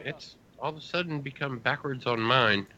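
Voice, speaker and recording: A man co-hosting a casual chat over a video call, joking and quick to laugh in lively banter. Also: medium pitch, muffled recording. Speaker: co-host. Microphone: video call mic.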